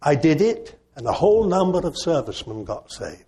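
An older man, a preacher, telling a personal story in a reflective, gently self-mocking way. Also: a little high, big pitch swings, fairly quick. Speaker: preacher and former missionary.

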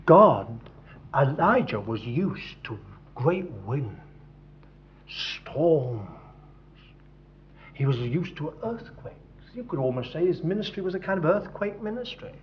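A man preaching a sermon, dropping to hushed tones and rising to loud emphasis. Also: on the high side, very animated, slow pace, long pauses, a little hiss or hum. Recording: dull lo-fi recording.

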